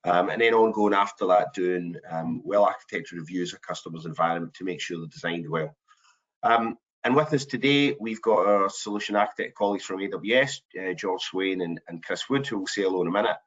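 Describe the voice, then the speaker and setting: A man's voice: low voice, brisk, fairly bright tone. A man hosting a business webinar, hesitant, with frequent ums and restarts. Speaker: webinar host. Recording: dull lo-fi online call audio.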